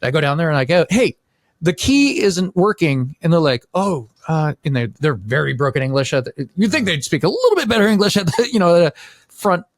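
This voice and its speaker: A man's voice: fairly high pitch, animated, fast talker, no echo, studio quality. A man hosting a podcast, telling a story in casual chat, rambling with many restarts and quoted voices. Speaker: podcast host.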